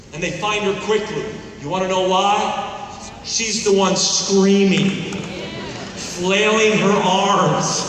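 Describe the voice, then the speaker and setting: A man preaching a sermon with animated storytelling, acting out the characters in his story. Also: high-pitched. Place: large church auditorium. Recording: echoey hall from far off, audience noise.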